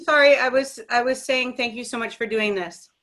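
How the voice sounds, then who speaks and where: A woman theater artistic director chatting on a video call, halting and warm-hearted. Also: a little high. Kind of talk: casual video call chat.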